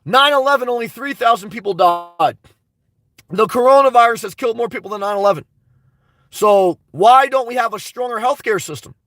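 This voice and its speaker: High-voiced blunt man on a livestream. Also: fairly quick, fairly bright tone. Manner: rambling, blunt and crude, reads chat messages aloud. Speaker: livestream host reading viewer comments. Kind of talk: unscripted livestream chat.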